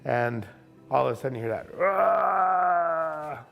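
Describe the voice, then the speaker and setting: A man, a kayak camp owner, telling a story in casual, animated fashion and acting out other people's voices. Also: mid-range voice, fast talker, vocal fry, dull audio, faint music behind. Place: outdoors at a rocky bay.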